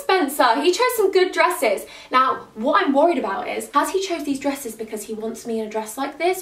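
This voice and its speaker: A young woman in her twenties, chatting to camera as a vlogger, gushing and excitable. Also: on the high side. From England. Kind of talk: casual chat to camera. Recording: echoey room from a distance off the mic.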